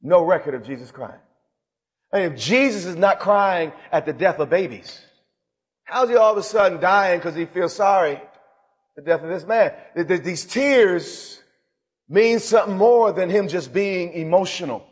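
A man preaching a sermon as bishop, dramatic, swinging between loud passages and hushed ones. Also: high-pitched, lively intonation, moderate pace. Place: large hall with audience. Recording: live sermon in a reverberant hall.

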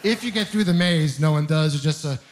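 A man's voice: a little high, brisk. A young man performing a stand-up comedy set on stage, telling stories and acting out both sides of his dialogues. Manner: animated storytelling, acts out both sides of dialogues. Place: comedy stage with a live audience.

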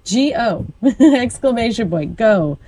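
A woman's voice: a little high, a little slow, a little mellow, low-quality recording. A woman co-hosting a Catholic talk program, explaining church news in a fluent, informative way with small restarts. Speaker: Catholic radio co-host. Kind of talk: casual chat about church news.

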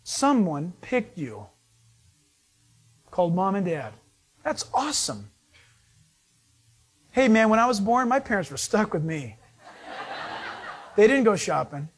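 A man's voice: high-pitched, very animated, slow pace, pauses often, breathy edge. A man preaching a conversational sermon, telling stories in a chatty way with frequent restarts. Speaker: pastor.

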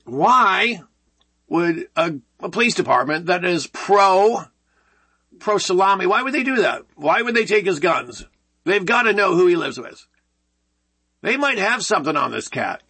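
A man's voice: high-pitched, creaky, pushed and bright, husky. A man hosting a talk radio show, joking and rambling in a sarcastic way.

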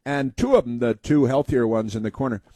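A man's voice: mid-range voice, fairly quick, mellow, dry recording. A man hosting a talk show, telling rambling folksy stories and giving opinionated commentary.

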